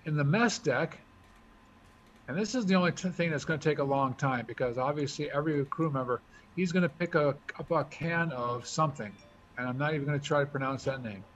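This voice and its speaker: A man talking through his moves as he explains a board game, thinking out loud in a casual way. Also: fairly high pitch, fairly quick. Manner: chatty, thinks aloud while moving pieces. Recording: dull lo-fi recording with faint hiss.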